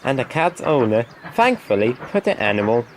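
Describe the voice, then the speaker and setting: Expressive man reading a storybook. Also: mid-range voice, moderate pace, slight background noise. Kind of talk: reading a children's storybook aloud.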